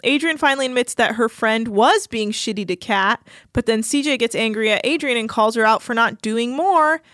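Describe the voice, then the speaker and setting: A woman's voice: fairly high pitch, normal speed, fairly bright tone, dry recording. Chatty young woman, dry close sound. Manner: chatty, with lots of fillers and sarcastic asides. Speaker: podcast co-host. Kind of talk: casual chat recapping a reality show.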